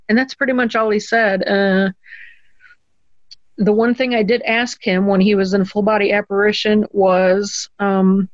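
A woman's voice: mid-range voice, little pitch movement, dry recording, dull audio. Earnest woman telling a personal story. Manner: earnest, halting, many ums and restarts. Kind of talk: conversational storytelling.

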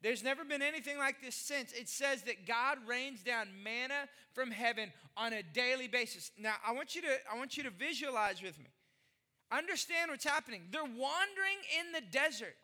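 A man from Texas preaches a sermon with a strikingly high and very bright voice. He is middle-aged, animated and jokey, and he tells stories and fires off rhetorical questions. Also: normal speed. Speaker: pastor.

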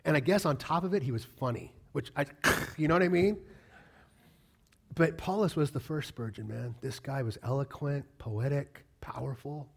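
A man preaching a sermon, animated and full of rhetorical questions, swinging between loud emphatic lines and quiet, low asides. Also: moderate pace, vocal fry, slightly rough. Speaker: pastor.

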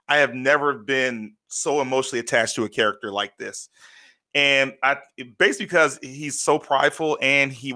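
A man co-hosting a podcast, chatting casually and retelling stories with lots of fillers, choked up and near tears. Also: medium pitch. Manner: animated storytelling with many fillers. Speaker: podcast co-host. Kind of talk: casual chat.

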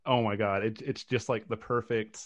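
A man guesting on a casual movie podcast, talking in a relaxed way and laughing often. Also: on the low side, moderate pace, muffled recording. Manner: laid-back, laughing, trailing off softly.

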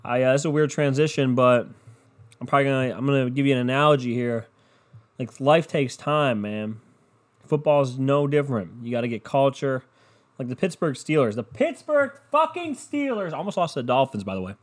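A man's voice: mid-range voice, a little fast. A man talking casually and alone, rambling and swearing, often trailing off into a mumble. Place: home room with a barking dog.

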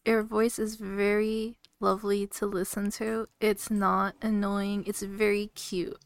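A young woman co-hosting a podcast, speaking in a reassuring, fairly even tone with frequent laughs. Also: mid-range voice, unhurried, clean tone, dry recording. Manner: reassuring, even-toned, giggly chat. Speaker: podcast co-host. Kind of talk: casual chat.

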